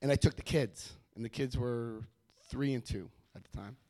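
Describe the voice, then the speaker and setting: A man giving a personal testimony at a recovery meeting, telling his story with animated energy and acting out what people said. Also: medium pitch, moderate pace. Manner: animated storytelling, acts out quoted voices. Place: meeting room before a live audience.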